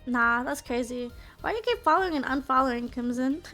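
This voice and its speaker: A woman's voice: high voice, expressive, fairly quick, bright, forceful tone, faint music behind. A woman in her twenties chatting casually on a live stream, full of "like" and tag questions. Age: 20s. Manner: chatty, peppers speech with "like" and "yeah?".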